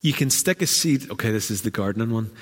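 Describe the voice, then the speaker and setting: A man preaching a sermon as pastor, animated and acting out the voices he quotes. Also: fairly low pitch, fast, slightly rough. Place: church hall. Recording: church hall with long reverb.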